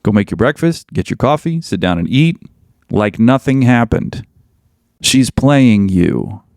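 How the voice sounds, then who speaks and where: A man's voice: mid-range voice, very animated, moderate pace, darkish tone, no echo, clean studio sound. A man hosting a podcast, delivering a blunt, emphatic monologue that hammers points home through repetition. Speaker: podcast host.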